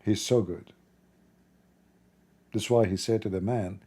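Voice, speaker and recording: A man's voice: fairly low pitch, fairly even intonation, slow pace, long pauses, mellow, slightly rough. A middle-aged man hosting a livestream, shifting between casual chat and blunt, mocking preaching in broken grammar. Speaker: livestream host.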